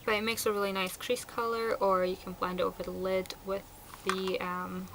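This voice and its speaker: Bright-voiced chatty woman vlogger. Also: medium pitch, level tone, normal speed, a little hiss or hum, low-quality recording. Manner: chatty and enthusiastic, with frequent fillers. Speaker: beauty vlogger. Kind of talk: casual product review chat.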